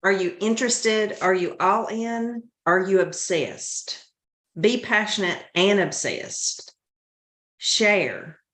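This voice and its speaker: A woman's voice: mid-range voice, lively intonation, takes it slowly, a bit bright, echoey room. A woman giving a motivational talk to a sales team, urging and coaching with direct questions to the listeners.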